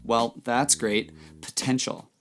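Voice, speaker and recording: Male podcast host, calm reflective narrator, mid-range voice, light music bed. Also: mid-range voice, slow pace. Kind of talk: scripted narration.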